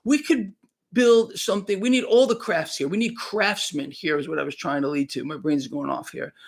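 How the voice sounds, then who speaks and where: A man's voice: on the high side, moderate pace, creaky. A man talking fervently on a live stream, emphatic and repeating himself. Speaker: online commentator.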